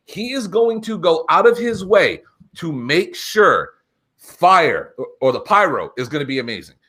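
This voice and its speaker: A man co-hosting a wrestling podcast, talking in an excited, profane, casual way. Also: on the high side. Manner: animated, profane, builds excitement. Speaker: podcast co-host. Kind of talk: casual chat.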